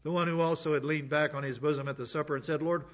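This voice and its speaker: A man's voice: on the high side, fairly even intonation, quick pace, dull audio. A man teaching a sermon in a conversational way, with asides between the verses he reads. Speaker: preacher.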